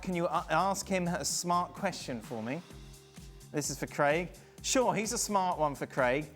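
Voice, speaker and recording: Teasing male host with lively pitch. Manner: teasing, laughs often. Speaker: show host. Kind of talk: studio panel chat.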